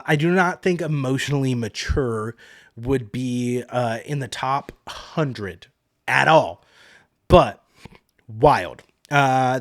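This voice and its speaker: A man's voice: mid-range voice, dry recording, clean studio sound. A young man hosting a podcast, recapping a reality show in a casual, sarcastic way and mimicking the people he quotes. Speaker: podcast host.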